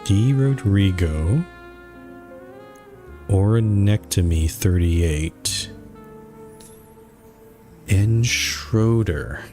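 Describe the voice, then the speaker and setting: A Canadian man thinking aloud as he plays a game, with halting, musing commentary. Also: deep voice, lively intonation, mellow, soft background music. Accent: Canadian English. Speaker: game streamer. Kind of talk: casual let's-play commentary.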